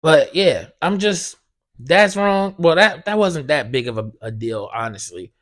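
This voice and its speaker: A man's voice: on the high side, expressive, measured pace, fairly bright tone. A man hosting a podcast, telling a heated, profane story and acting out both sides of the conversation. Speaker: podcast host. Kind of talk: casual ranting monologue.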